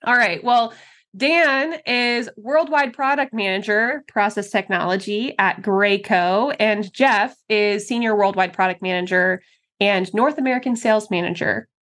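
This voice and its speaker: A woman's voice: mid-range voice, unhurried, fairly bright tone. A woman hosting a marketing webinar in a bubbly, casual way, with lots of fillers and laughs. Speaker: podcast host.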